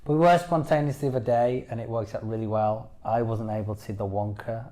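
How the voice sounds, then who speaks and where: A man's voice: fairly low pitch, fairly even intonation, brisk, dark tone. A man co-hosting a podcast, chatting casually and enthusiastically with lots of "you know"s. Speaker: podcast co-host. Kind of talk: casual chat.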